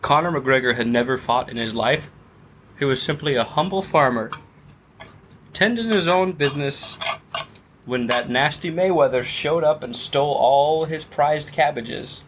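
A man co-hosting a comedy podcast, goofy and quick with absurd non sequiturs. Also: fairly high pitch, a bit bright, slight background noise. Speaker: podcast co-host.

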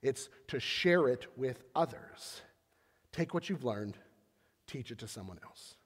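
A man preaching a sermon as pastor, in a conversational, animated storytelling manner. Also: mid-range voice, unhurried. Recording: long hall reverb.

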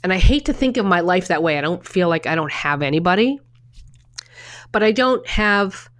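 A middle-aged woman with a fairly low voice talks in a loose, chatty way. She keeps restarting her sentences and drops in the occasional curse. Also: expressive, normal speed. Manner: chatty storyteller with frequent restarts and swearing. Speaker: podcast co-host. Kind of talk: casual chat.

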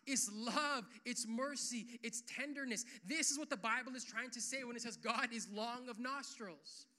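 A young pastor preaches to his church in a loose, chatty way, dropping "like" and "uh" between thoughts. His voice sits high for a man and rings very bright and forceful, rising even louder when he drives a point home. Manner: casual, animated preaching with frequent "like" and "uh"; swells louder and higher on key points. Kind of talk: sermon.

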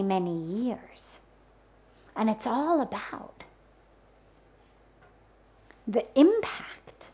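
A woman giving a spiritual talk on the power of sound, speaking deliberately and using everyday examples. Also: medium pitch. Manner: slow, deliberate, with spoken examples. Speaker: spiritual teacher. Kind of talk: spoken talk on mantras.

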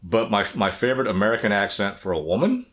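A middle-aged man with a deep, very animated voice co-hosts a casual podcast. He rambles through opinions, repeating words and restarting phrases as he searches for the next thought. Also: quick pace. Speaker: podcast co-host. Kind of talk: casual chat.

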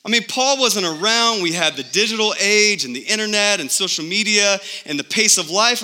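A man's voice: high voice, animated, moderate pace, hardly any pauses, bright, forceful tone. A man preaching a sermon as a pastor, emphatic and full of rhetorical questions. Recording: long reverb of a large hall.

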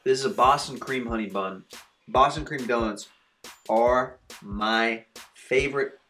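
A man casually reviewing snack cakes while eating, chatty and relaxed, thinking aloud between bites. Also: mid-range voice, a little slow, slight background noise. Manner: laid-back, chatty, eating while talking. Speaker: food reviewer vlogger.

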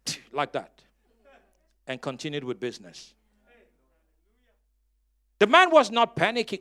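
Preaching a sermon with dramatic force, a high-voiced male pastor tells stories with a touch of humor and urges the congregation to answer back. He breaks into loud, emphatic bursts, his pitch swooping wildly, and he speaks unhurriedly with long pauses.

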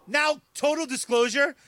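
A man's voice: very high-pitched, fairly bright tone, dry recording. A man co-hosting a comedy podcast, rambling and self-deprecating, laughing easily. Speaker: podcast co-host. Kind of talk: casual comedic banter.

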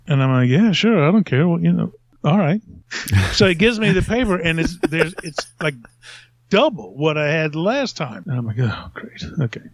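In casual storytelling on his podcast, a man with a fairly high-pitched voice rambles through a long tale and chuckles a lot. The recording is dry and sounds dull and lo-fi.

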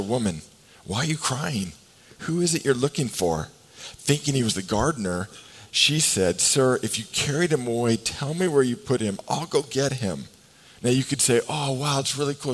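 A pastor preaching to his congregation in a somewhat low male voice. He moves between quiet, drawn-out phrases and emphatic, rising lines. He gives the scripture characters voices of their own as he tells the story. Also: poor audio. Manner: expressive, swings between hushed and emphatic delivery. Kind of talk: sermon.

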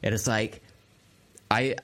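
A man's voice: on the low side, steady tone, slow pace, fairly bright tone. A man joking on a podcast, swearing and calling people bro and dude. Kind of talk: casual podcast banter.

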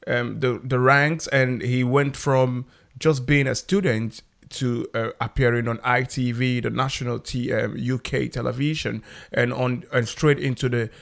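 Man, podcast host, eager, restarts his questions, mid pitch. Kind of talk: conversational interview.

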